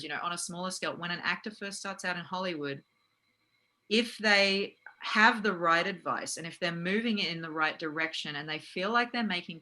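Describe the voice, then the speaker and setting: Woman, actress-coach, low bright voice, animated chat with lots of fillers. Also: low-quality recording. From Australia. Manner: animated, laughs often, many fillers. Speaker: guest, actress and acting coach. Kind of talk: casual interview conversation.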